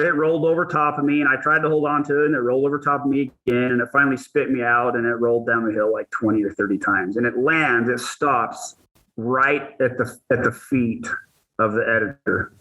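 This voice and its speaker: A man speaking as an interview guest, telling lively anecdotes in a casual way. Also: medium pitch, rough recording. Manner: animated anecdote teller, quick bursts. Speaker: guest, athlete and ambassador manager.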